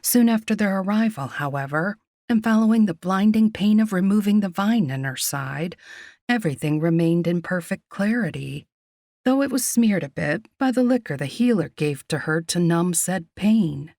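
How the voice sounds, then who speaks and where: A woman giving scripted, measured narration of a romance audiobook. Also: fairly low pitch, animated, a little mellow, no echo, clean studio sound.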